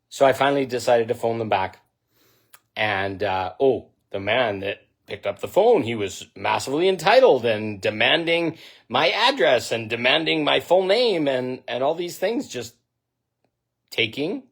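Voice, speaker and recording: A man speaking straight to his viewers in an intense, profane, emphatic rant, starting off halting and sighing. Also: mid-range voice. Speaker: vlogger. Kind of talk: direct-to-camera monologue.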